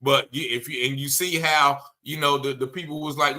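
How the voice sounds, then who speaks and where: Bright-voiced indignant male commentator. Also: on the high side, fairly even intonation, normal speed, hardly any pauses. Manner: emphatic, repeats points, blunt and indignant. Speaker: commentator reacting to video. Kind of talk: emphatic video commentary.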